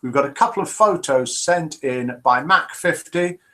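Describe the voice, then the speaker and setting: An older Englishman with a Midlands accent hosts a live call-in show from a room at home, cheerful and chatty as he reads out viewer messages. His voice sits on the high side, a bit bright, at a moderate pace.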